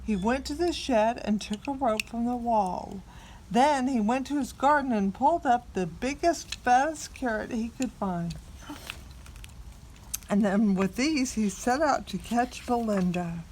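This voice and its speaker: A woman reading a picture book aloud to a small child, expressive and coaxing the child to join in. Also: on the high side, a little slow, a little hiss or hum.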